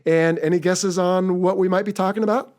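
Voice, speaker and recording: A man with an American accent hosting a podcast in a relaxed, chatty, upbeat way. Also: high voice, a little fast. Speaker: podcast host. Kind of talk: casual podcast chat.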